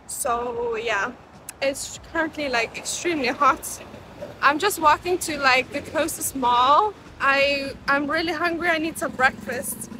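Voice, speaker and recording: A woman's voice: high voice, unhurried, background noise. A young woman vlogging to her phone camera, chatty and emotional, with lots of fillers. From South Africa. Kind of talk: casual vlog chat to camera. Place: outdoors on a hot city street, then a restaurant.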